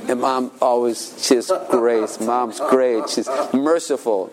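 A man's voice: mid-range voice, fairly even intonation, takes it slowly, few pauses, a crowd in the background. An older man giving an informal sermon as a pastor, telling rambling family stories and acting out children's voices.

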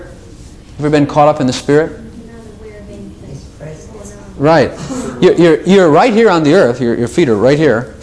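A man preaching a sermon, animated, swinging between loud exclamations and soft asides. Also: a little high.

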